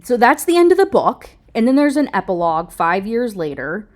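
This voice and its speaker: A woman's voice: a little high, very animated, a little fast. A woman talking casually as she reviews a book, recapping the plot in a chatty way with lots of "like".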